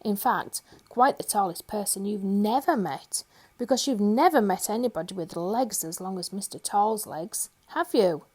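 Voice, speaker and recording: A woman storyteller reading a children's picture book aloud, gentle and expressive. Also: mid-range voice, normal speed, breathy edge.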